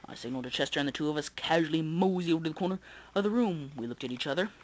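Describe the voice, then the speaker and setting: A man's voice: fairly high pitch, very fast. A young man casually reading a children's book aloud as host of an online reading series.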